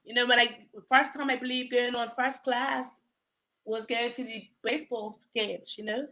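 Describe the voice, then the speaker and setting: Bright-voiced woman telling stories. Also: fairly high pitch, normal speed. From Bermuda. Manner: lively storyteller, laughs often. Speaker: podcast guest. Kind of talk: casual chat.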